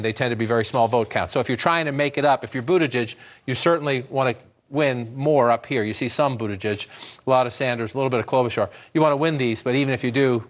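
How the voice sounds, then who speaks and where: A man rattles through vote margins at a rapid clip, explaining as he goes and correcting himself mid-sentence. He speaks as an on-air election analyst in a TV news studio, with a mid-range voice. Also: medium pitch. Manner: brisk, explanatory, thinks aloud with restarts. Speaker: election analyst at a touchscreen map. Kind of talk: live election-night analysis.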